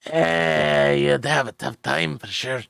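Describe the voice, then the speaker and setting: A man voicing a gruff older male dwarf runesmith in a tabletop game, blunt and folksy, saying aye and lad. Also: mid-range voice, sing-song, slow, fairly bright tone, no echo, studio quality, full character voice. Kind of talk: in-character tabletop role-play.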